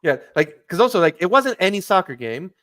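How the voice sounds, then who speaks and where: A middle-aged American man chatting casually, with a fairly high voice for a man. He rambles with plenty of fillers and a dry, sardonic edge. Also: sing-song, fairly quick, fairly bright tone. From United States. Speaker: podcast host. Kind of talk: casual chat.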